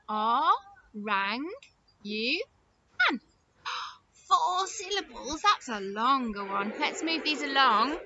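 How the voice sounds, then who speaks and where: A woman teacher leading an early-years phonics lesson, speaking slowly and encouragingly as she says words clearly and claps out their syllables. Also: high voice. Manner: slow, sing-song, encouraging, clapping out syllables. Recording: dull lo-fi sound with loud noise.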